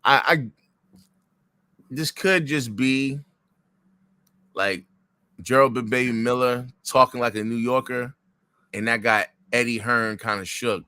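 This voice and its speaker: A podcast co-host man talking in loose, filler-packed casual chat. His voice is bright and pushed forward, and the sound is dry with no room around it. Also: medium pitch, measured pace, pauses often, smooth, dry recording. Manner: hesitant, filler-heavy, laid-back.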